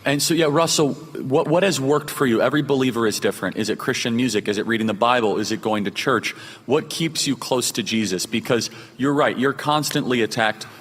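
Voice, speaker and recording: A man's voice: mid-range voice, fairly quick, a bit bright, long reverb tail. A man hosting a talk show, asking earnest, emphatic questions about faith. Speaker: host. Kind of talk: faith-focused talk interview.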